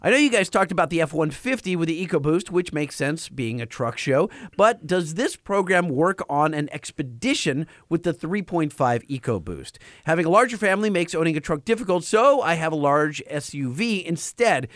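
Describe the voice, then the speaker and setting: Man, easygoing, high voice with lively pitch, dry recording. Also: moderate pace, few pauses, dry recording. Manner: easygoing, stumbles over names. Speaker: podcast co-host. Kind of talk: casual chat reading listener mail.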